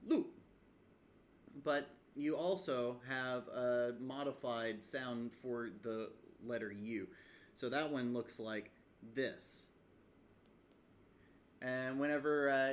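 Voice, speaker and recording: Guy at his desk explaining flashcards, kinda rambly, lots of uh, slight room hiss. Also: mid-range voice. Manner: relaxed, rambling, many uh fillers, demonstrates tones aloud. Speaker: language learner vlogger. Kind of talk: casual screen-share tutorial. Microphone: webcam setup.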